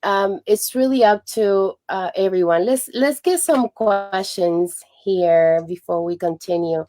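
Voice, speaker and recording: A woman's voice: mid-range voice, measured pace, warm tone. A woman co-hosting a casual live stream, cheerful, laughing often and filling with "um" and "you know". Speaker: co-host, Avon representative.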